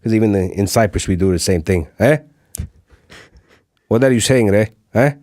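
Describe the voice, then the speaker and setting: Un hombre imitando a un tipo duro italoamericano de Nueva York, descarado y provocador. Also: male voice, fairly low pitch, normal speed, a little mellow, dry recording, studio quality, natural voice. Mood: brash. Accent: New York Italian-American, put on. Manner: brash, needling, exclamatory. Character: brash New York Italian-American tough guy.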